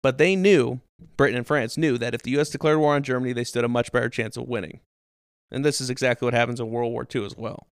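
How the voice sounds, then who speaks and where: A man's voice: medium pitch, steady tone, fast, smooth, no echo, studio quality. A man hosting a podcast, telling history casually and animatedly, with swearing and silly quoted voices. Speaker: podcast host.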